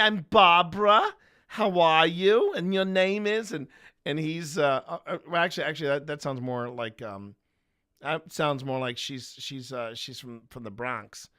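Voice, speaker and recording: Chatty rambling man, slightly high. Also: fairly bright tone. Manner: rambling, chatty, many restarts. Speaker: paranormal investigator host. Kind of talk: casual chat over footage review.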